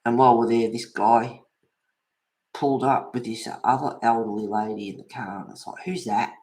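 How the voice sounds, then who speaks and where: A woman's voice: extremely low pitch, fairly even intonation, normal speed, a little mellow. A woman in her fifties or older chats as a livestream host while she colours. She tells gossipy stories and laughs often between them. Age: 50s or older. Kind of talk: casual chat while colouring.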